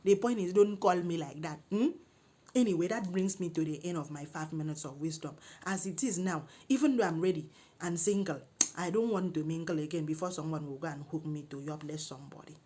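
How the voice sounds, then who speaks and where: A middle-aged woman with a Nigerian English accent, telling a comic story in an animated, exclaiming way and scolding when indignant. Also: low-pitched, brisk, a little hiss or hum. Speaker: comedic storyteller.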